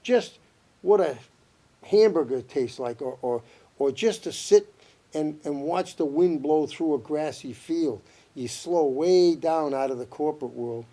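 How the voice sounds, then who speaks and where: Boston guy telling stories, all animated, kinda high voice. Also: a little slow. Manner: animated, lively storyteller. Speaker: guest. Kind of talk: casual storytelling chat.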